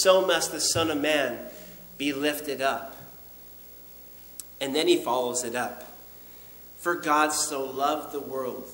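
A man teaching the Bible as a preacher, speaking earnestly and emphatically, slowing down on key lines. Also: high-pitched, echoey room, slight background noise, rough recording.

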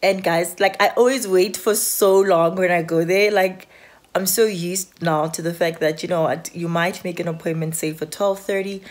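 A woman's voice: lowish voice, steady tone, normal speed. A South African woman chatting casually to her phone camera at home, rambling and anxious, with lots of filler words. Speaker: vlogger. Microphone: handheld phone.

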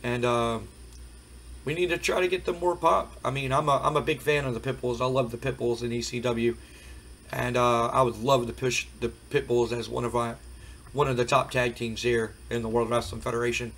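Hoarse guy rambling through game results, lots of uhs, mid pitch. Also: fairly even intonation, normal speed, a bit bright, slight background noise, poor audio. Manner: rambling, frequent fillers, recapping results. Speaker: game streamer. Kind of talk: casual let's play commentary.

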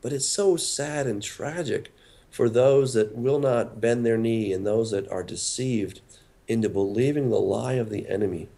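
A man's voice: medium pitch, a little slow, creaky, warm tone. A man, a pastor and author, talking earnestly as a radio interview guest, often repeating words as he starts a thought.

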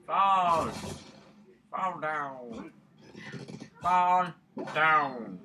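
A gameplay commentator who talks through a let's play in a rambling way, repeating words and breaking into excited shouts at the game. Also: mid-range voice, slow, pauses often. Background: game music.

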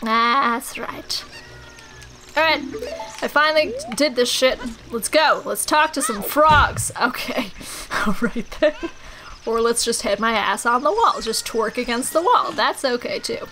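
A woman's voice: on the high side, animated, unhurried, pushed and bright, rough recording. A young woman in loopy gameplay commentary, goofy and crude, giggling as she plays. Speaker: let's player. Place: small hot recording room. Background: game music.

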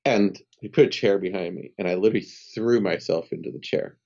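A man in his fifties, a spiritual healer, guests on an interview podcast, speaking fairly quickly in a very deep, mellow, dark voice. He tells his story in an animated, conversational way, acting out the voices of people in his anecdote and laughing often, over slightly dull, lo-fi audio.

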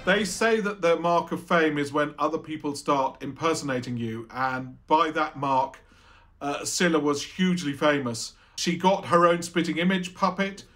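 A man gives thoughtful, explanatory commentary in a documentary interview. His voice is slightly high for a man, with faint guitar music beneath. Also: moderate pace, fairly bright tone.

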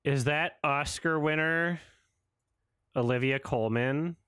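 A man's voice: on the high side, takes it slowly, fairly bright tone, clean tone, dry recording. A man in his thirties doing casual, sarcastic reaction commentary on a trailer, laughing and swearing as he goes.

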